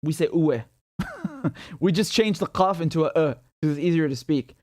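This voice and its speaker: A man's voice: a little high, big pitch swings, normal speed, a little mellow, no room sound. Chatty man hosting a livestream, dry sound. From Syria. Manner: chatty, laughs often, many fillers and restarts. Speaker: political commentary host. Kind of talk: casual livestream commentary.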